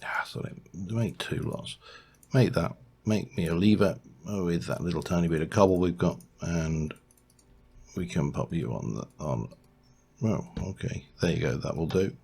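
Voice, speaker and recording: Low, unhurried gaming narrator. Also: male voice, gravelly, mellow, husky. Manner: rambling, thinks aloud, hums to himself while building. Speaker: let's play host. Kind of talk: gameplay commentary.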